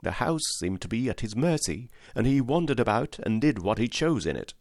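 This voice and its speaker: A man with a mid-range voice reads a classic story aloud for an audiobook, narrating from a script in a measured, even manner. The studio sound is clean, with no echo.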